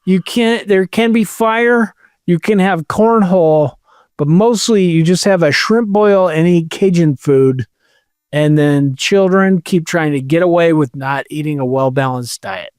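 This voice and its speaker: A man with a smooth, clear voice, a touch higher than most, chats as a podcast co-host. He rambles in a jokey, animated way. The sound is dry and close. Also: a little slow, no room sound. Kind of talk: casual chat.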